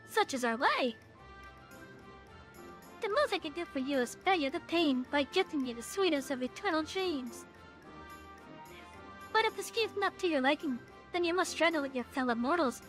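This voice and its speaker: A woman's voice: sits high, animated, moderate pace, pauses often, a bit bright, faint music behind. A woman voicing a vain, teasing fairy king, reading game dialogue aloud in a dramatic, sing-song way. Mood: theatrical.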